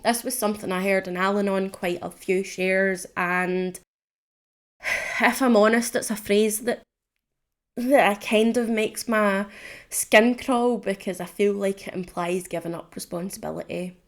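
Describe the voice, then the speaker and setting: A woman's voice: medium pitch, fairly even intonation, a little slow. A young woman hosting a solo podcast, talking candidly and rambling a little, laughing often and swearing casually. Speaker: podcast host.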